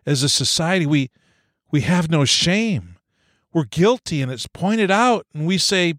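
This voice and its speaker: Earnest pastor reflecting in a sermon. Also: male voice, fairly high pitch, expressive, a little slow, a bit bright, no room sound, studio quality. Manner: earnest, searching, reads scripture with rising emphasis. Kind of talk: sermon reflection reading scripture.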